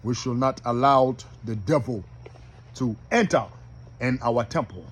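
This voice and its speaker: A man teaching from the Bible in a casual style, reading verses with loud emphasis and calling out to his listeners. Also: mid-range voice, a little slow, breathy edge. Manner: animated, calls out to listeners; reads scripture with loud emphasis. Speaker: preacher.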